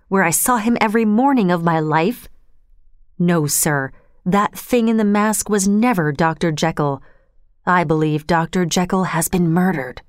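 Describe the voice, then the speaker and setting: A woman's voice: fairly low pitch, no room sound, studio quality, lightly acted. A woman voicing a loyal, anxious middle-aged male butler who speaks earnestly and pleads.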